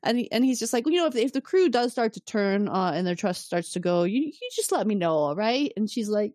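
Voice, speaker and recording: A woman's voice: mid-range voice, lively intonation, brisk, hardly any pauses, a little mellow, no room sound, clean studio sound. A woman co-hosting a casual podcast, animatedly retelling a story and acting out characters' lines. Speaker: podcast co-host recapping episodes. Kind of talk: casual chat.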